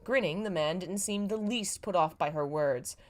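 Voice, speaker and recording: A woman's voice: on the low side, moderate pace. A woman reading her old fanfiction aloud live and making joking asides about it. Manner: self-mocking, laughs at her own writing.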